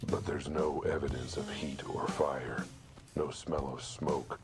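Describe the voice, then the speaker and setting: A man voicing a cynical male cat detective, delivering a hushed, half-whispered noir monologue in a video game. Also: a bass voice, flat delivery, a little slow, over loud music. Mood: puzzled.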